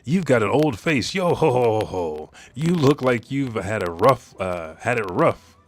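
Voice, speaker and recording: A man voicing a cheerful, scrappy eleven-year-old boy with an odd, drawn-out laugh. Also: mid-range voice, sing-song, dry recording. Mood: chirpy.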